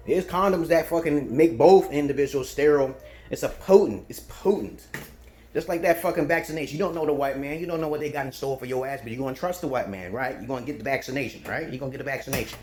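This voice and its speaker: A man's voice: medium pitch, quick pace, a little mellow, slight background noise. A man from Brooklyn, ranting profanely and emphatically in an unscripted monologue as a self-styled dating advisor. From Brooklyn, New York.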